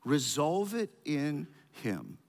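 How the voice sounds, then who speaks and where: A man preaching a sermon. He calls out to the congregation for answers and swings between loud emphasis and quiet, low passages, often restarting his words. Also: wildly swooping pitch, slow pace, gravelly. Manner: frequent restarts and repeated words. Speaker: pastor. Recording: long reverb of a large hall.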